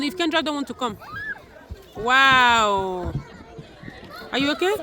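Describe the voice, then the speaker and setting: A woman's voice: sits high, background noise. A mother filming her children outdoors at a zoo, cheering and encouraging them in a casual family vlog. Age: adult parent. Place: outdoor zoo with a crowd around.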